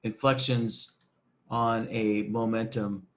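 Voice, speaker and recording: A man presenting a screen-recorded software tutorial, talking casually with many fillers and checking "right?" as he goes. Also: lowish voice, level tone, slow.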